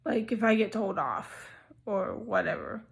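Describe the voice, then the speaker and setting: A young woman talking slowly in a casual personal vlog, hesitant with many pauses and ums, sounding sleepy and not fully awake. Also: mid-range voice, vocal fry. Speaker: vlogger.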